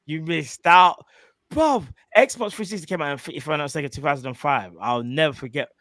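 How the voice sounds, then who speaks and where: A man's voice: fairly high pitch, brisk, a bit bright, dry recording. A man in his thirties co-hosting a casual live stream, full of slangy banter. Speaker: co-host.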